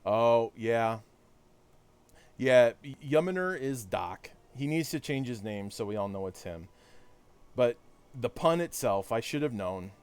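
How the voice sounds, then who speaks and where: A man's voice: medium pitch, expressive, unhurried, smooth. Chatty self-deprecating male game streamer. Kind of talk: casual live-stream chat while gaming.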